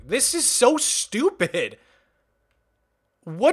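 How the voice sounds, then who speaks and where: A frustrated man streaming a game live, with a high, bright voice that swings widely in pitch. He speaks slowly and keeps tossing in "dude" and "bro.". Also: sing-song. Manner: exasperated, repeats "dude" and "bro".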